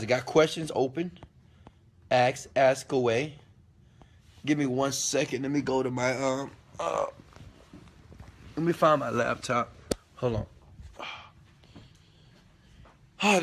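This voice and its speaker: Man, business coach type, casual hype-driven live-stream talk, phone held at arm's length, medium pitch. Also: a little slow, pauses often, slight background noise. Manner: loose and chatty, hype-driven. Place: hotel suite indoors.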